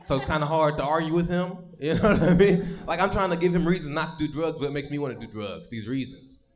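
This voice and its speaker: A man's voice: on the high side, quick pace. Profane, stammering young male stand-up comic. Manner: profane, rambling, stammering storytelling. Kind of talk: live stand-up set. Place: live comedy stage.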